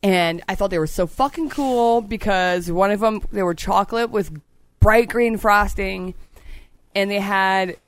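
A woman's voice: mid-range voice, measured pace, no room sound. A young woman co-hosting a podcast, telling a story in a casual, profane way and acting out her own anger. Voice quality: animated, swears a lot, acts out her own anger. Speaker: podcast co-host.

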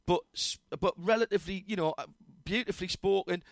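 A man's voice: high voice, brisk, no echo. Rambling male radio host, dry voice. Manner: rambling, warm storytelling with many restarts. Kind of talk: casual chat.

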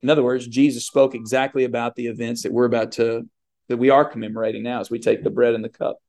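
A man's voice: mid-range voice, little pitch movement, fast talker, darkish tone. A man preaching a communion sermon in an earnest, emphatic way, with fillers and restarts.

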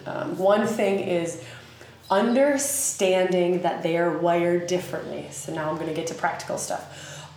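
A woman's voice: on the low side, slight background noise. Chatty Southern woman in an echoey room. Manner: animated, chatty, many fillers. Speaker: podcast host. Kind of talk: casual spoken teaching monologue. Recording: very echoey room with faint ambience.

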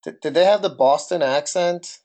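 Inquisitive New Jersey man, a bit higher. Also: moderate pace, darkish tone. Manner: questioning, tells anecdotes. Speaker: podcast co-host. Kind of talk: casual chat.

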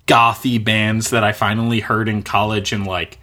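A man's voice: on the low side, little pitch movement, moderate pace, bright, forceful tone. A man in his thirties chatting casually, rambling and searching for words with lots of filler. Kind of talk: casual chat.

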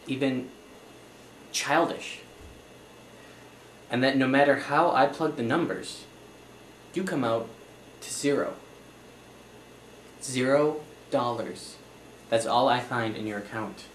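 A man's voice: medium pitch, unhurried, pauses often, a bit bright. A young man talks in a flustered, apologetic way, pleading and backtracking. His voice sits mid-range. The room is echoey with a faint hiss behind. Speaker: comedy performer as accountant. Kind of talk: one-sided improvised comedy scene.

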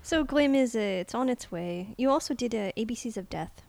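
A woman co-hosts a casual podcast with a creaky, gravelly edge to her voice. She asks curious, playful follow-up questions. The sound is dry and close. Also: on the high side, lively intonation, moderate pace, darkish tone, dry recording. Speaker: podcast co-host.

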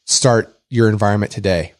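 A man co-hosting a casual tech podcast, joking around and reading a sponsor spot with animated energy. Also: on the low side, moderate pace, no room sound, clean studio sound. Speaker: podcast co-host.

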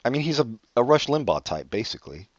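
A man's voice: mid-range voice, sing-song, quick pace, no echo, highs cut off. A man co-hosting a casual podcast chat, wry and swearing casually, often restarting his sentences. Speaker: podcast co-host.

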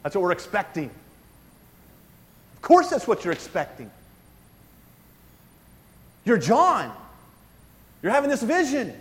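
High-voiced preacher in a reverberant hall. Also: male voice, huge pitch swings, takes it slowly, pauses often. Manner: expository preaching with frequent asides and questions to the congregation. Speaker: pastor. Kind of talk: sermon.

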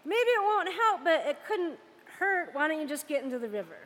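A woman's voice: high voice, big pitch swings, brisk, fairly bright tone, long reverb tail. A woman voicing a humble, hesitant male servant in a retold scripture story. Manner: hesitant, polite.

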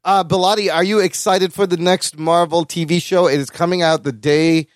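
A man with a high voice co-hosts a podcast and talks excitedly about upcoming shows. He swears casually and keeps the chat moving. The sound is dry and close. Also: normal speed, no echo. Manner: energetic, enthusiastic, swears. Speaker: podcast co-host.

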